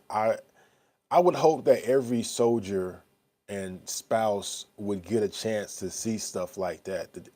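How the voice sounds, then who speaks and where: A vlogger in his thirties talks to camera with a lowish, dark voice. He rambles candidly and bluntly, swearing and often asking "you know what I'm saying."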